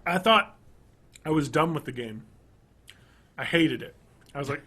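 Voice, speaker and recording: A man in his thirties co-hosting a podcast, chatting casually and enthusiastically, rambling and swinging between loud bursts and quiet mumbles. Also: fairly high pitch, lively intonation, a little fast, pauses often. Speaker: podcast co-host. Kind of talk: casual chat.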